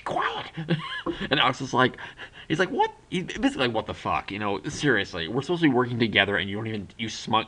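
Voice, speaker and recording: Reviewing a book, a young man casually retells its plot, rambling with lots of "like" and acting out the characters' lines. His voice is lowish with a sharp tone.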